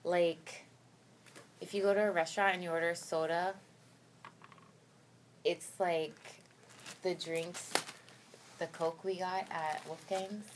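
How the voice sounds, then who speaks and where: A woman with a low voice chats casually in a car, relaxed and full of filler "likes". Faint background noise runs under her. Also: takes it slowly, long pauses, low-quality recording. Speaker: guest, host's wife. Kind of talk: casual chat.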